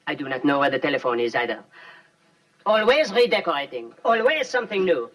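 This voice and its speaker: A man's voice: a little high, big pitch swings, brisk, fairly bright tone. An actor playing a man who poses as a rich businessman, stalling with playful, evasive answers in 1950s film acting. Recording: distant old film soundtrack with music.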